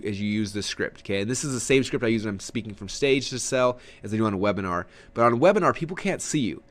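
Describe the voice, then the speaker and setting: A man teaching marketing in a casual, energetic way, swinging his voice up and down, with many fillers and repeated words. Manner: energetic, animated, swings pitch up and down. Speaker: webinar trainer.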